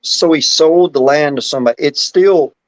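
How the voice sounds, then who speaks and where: A man's voice: a little high, moderate pace. A man hosting an interview, who mostly listens with short responses and asks probing follow-up questions. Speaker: podcast host. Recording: dull lo-fi audio.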